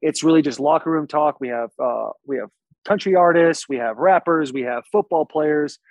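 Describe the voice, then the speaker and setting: A man's voice: fairly high pitch, normal speed, darkish tone, no echo, low-quality recording. Laid-back young man, dry close sound. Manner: boisterous, laid-back storytelling. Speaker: pro football player guest. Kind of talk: casual podcast chat.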